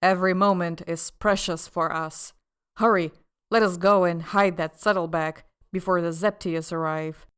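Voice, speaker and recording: A cold, scheming male official from an audiobook who mocks as he threatens, as a woman reader puts him on. His voice sits fairly low and sounds smooth and resonant. Every word carries sly force. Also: steady tone, moderate pace, lightly acted. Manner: sly, half-mocking, forceful. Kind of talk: audiobook character voice.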